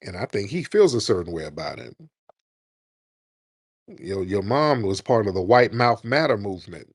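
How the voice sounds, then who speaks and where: A man's voice: on the low side, sing-song, normal speed, breathy edge, no echo, clean studio sound. A man hosting a call-in livestream, laughing and taunting callers in casual chat.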